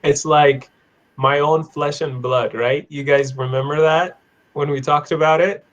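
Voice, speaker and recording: A man teaching an online English class on idioms, playful, laughing often and repeating phrases slowly. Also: a little high, fairly even intonation, fairly bright tone, highs cut off. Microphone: video call.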